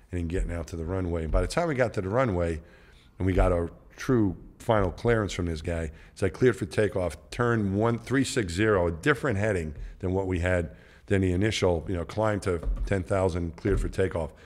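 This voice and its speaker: Man around 60, podcast guest; very low voice; loose, rambling anecdote delivery that acts out quotes. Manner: rambling, conversational storytelling with many restarts. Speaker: podcast guest, former astronaut. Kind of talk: casual anecdote telling.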